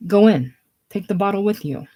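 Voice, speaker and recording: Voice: mid-range voice, animated, normal speed, mellow, natural voice. A solo reader voicing a blunt, teasing man in a casual play reading.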